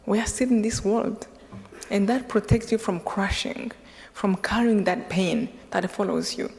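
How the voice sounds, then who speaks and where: Rwandan lady telling her story slow and earnest, kinda halting, big hall echo. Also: mid-range voice, creaky, darkish tone. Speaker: guest speaker. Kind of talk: personal testimony talk. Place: large lecture hall. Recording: long hall reverb.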